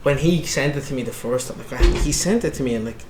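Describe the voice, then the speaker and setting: A young Irish man in loose, casual chat, his speech full of likes and the odd curse. His voice is mid-pitched, and the room around him rings with echo. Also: quick pace, a loud crowd. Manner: casual, swears freely, lots of likes. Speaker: podcast guest. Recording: echoey room.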